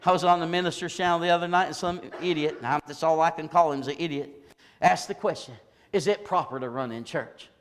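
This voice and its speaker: An older man preaching a Pentecostal sermon in a church service, swinging from hollered peaks to low, confiding asides. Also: quick pace, big-room sound. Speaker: pastor.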